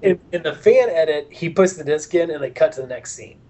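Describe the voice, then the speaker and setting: A man's voice: on the high side, animated, fairly quick, dark tone. A man co-hosting a casual movie review podcast, making wry, sarcastic remarks about the film. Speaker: podcast co-host.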